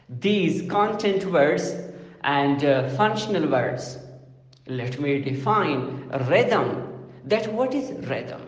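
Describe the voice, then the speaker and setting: A man giving a slow, deliberate lecture on phonology, repeating his points and listing terms one by one. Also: a little high. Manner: slow, deliberate, repetitive phrasing with lists. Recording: echoey room with long reverb.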